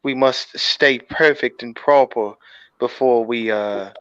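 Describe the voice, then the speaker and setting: A man putting on a prim British gentleman. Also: mid-range voice, slow pace, a little hiss or hum. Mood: pompous. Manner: prim, fussy, affected British-style accent. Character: pompous, proper British gentleman spy, man. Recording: dull, dry remote audio.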